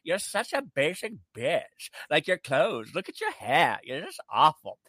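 A man's voice: a little high, huge pitch swings, a little slow, bright, forceful tone, no room sound, exaggerated voice. A man imitating a narcissistic young woman with a strange accent, in a mocking, exaggerated way. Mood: scornful.

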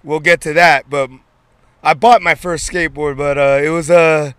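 A man from San Francisco spins loose, streetwise stories in a relaxed interview, full of slang and cursing. His voice sits a little high for a man. The recording is close and dry, with no room sound. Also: moderate pace, clear, resonant tone, no room sound. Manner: laid-back, profane, streetwise slang. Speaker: interview guest, skateboarder. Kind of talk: casual storytelling interview.

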